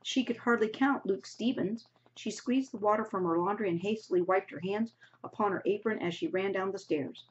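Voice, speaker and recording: A woman's voice: mid-range voice, moderate pace, hardly any pauses, a little hiss or hum. A woman teacher reading a novel aloud to her class, stopping now and then to explain words in a casual way. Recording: dull lo-fi recording.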